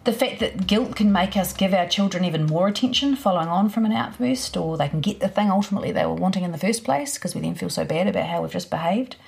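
A woman speaking as a parenting expert, explaining in a relaxed, practical, conversational way. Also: on the low side, fast, creaky, few pauses. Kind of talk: explanatory interview talk.

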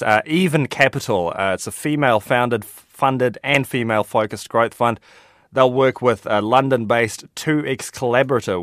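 A man's voice: medium pitch, a bit bright, no echo, studio quality. A man giving a radio business report, loose and laughing, often saying "uh" and "look".

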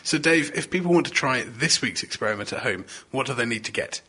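A man's voice: medium pitch, expressive, a little fast, sharp tone, slightly rough. A man presenting a kitchen science segment, upbeat and asking his co-presenter questions.

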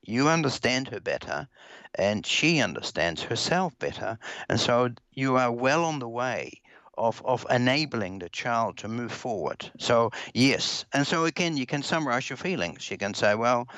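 A man talking as an interview guest, explaining at a brisk clip and often restarting or repeating words. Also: mid-range voice, sing-song, a bit bright, dry recording. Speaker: guest expert on listening to children.

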